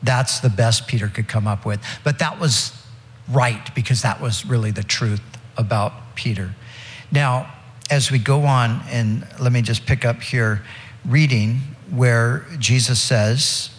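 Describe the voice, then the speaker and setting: Male pastor, mid-pitched, conversational sermon delivery with restarts, long hall reverb. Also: a little slow. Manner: expository preaching with frequent restarts and fillers.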